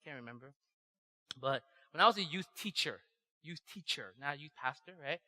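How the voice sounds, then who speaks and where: A man preaching a sermon and telling a story in a lively, conversational way, often checking in with "right?". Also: on the high side, fairly quick. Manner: animated, conversational, tags lines with "right?". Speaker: pastor. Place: church hall. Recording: long echo of a hall.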